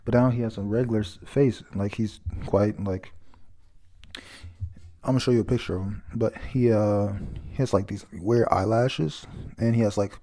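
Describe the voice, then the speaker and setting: Mellow rambling man reviewing a manga chapter. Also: fairly low pitch, steady tone, normal speed. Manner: rambling, many fillers, reads quotes aloud, stumbles and restarts.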